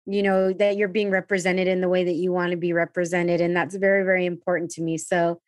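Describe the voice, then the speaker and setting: A woman's voice: lowish voice, little pitch movement, fast, dry recording, studio quality. A woman hosting a podcast, chatty and gushing, sprinkling Spanish words into her English. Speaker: podcast host. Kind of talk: casual interview chat.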